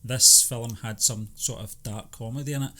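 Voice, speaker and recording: A man co-hosting a film review podcast who talks in a relaxed, hesitant way, often agreeing and filling pauses with "you know". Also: medium pitch. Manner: hesitant, many ums and you-knows, agreeable. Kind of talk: casual chat.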